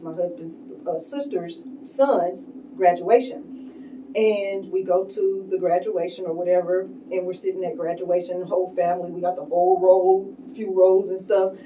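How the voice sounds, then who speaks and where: A woman's voice: lowish voice, fairly even intonation, moderate pace, dark tone. A middle-aged woman, a guest, telling a personal story in a casual way full of likes and ums. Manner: casual, filler-heavy, with many likes and ums. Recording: dull, distant sound with faint noise.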